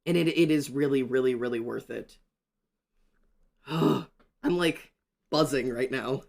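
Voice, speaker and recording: A young man chatting excitedly on a livestream while drawing, ranting and greeting his chat. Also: mid-range voice, a little slow, gravelly.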